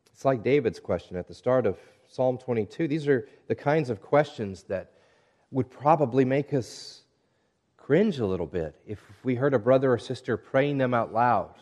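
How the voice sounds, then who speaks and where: A man preaching a sermon, reading scripture and speaking in a measured, earnest way that drops to hushed tones at times. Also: mid-range voice, animated. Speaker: pastor.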